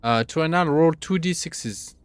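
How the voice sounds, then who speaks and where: Man, game master, slow halting narration, filler-heavy, online call. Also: fairly high pitch, clean tone, no echo.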